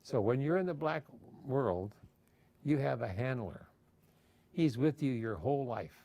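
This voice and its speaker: A man's voice: mid-range voice, lively intonation, unhurried, creaky, warm tone, no room sound. A man talking casually as an interviewee, rambling with frequent fillers and restarts. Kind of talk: casual storytelling.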